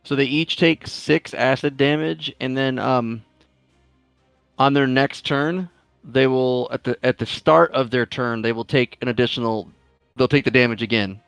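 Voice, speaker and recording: A man's voice: medium pitch, fairly even intonation, measured pace, gravelly, a bit bright, clean tone, dry recording, soft background music. A man playing a tabletop game, describing his character's attacks and explaining spell rules with frequent ums. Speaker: player.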